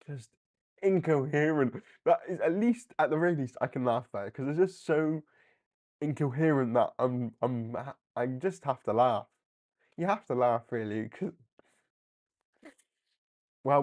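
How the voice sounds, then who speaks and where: Man, live comic commentary, animated, laughing, average pitch. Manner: animated, laughing, acts out characters in quick asides. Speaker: comic book livestream host.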